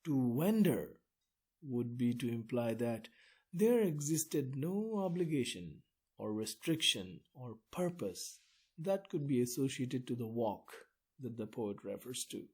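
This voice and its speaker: A man giving a poetry lesson, explaining slowly and deliberately, with pauses between phrases. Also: medium pitch, big pitch swings, a little mellow, slightly rough. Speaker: literature teacher.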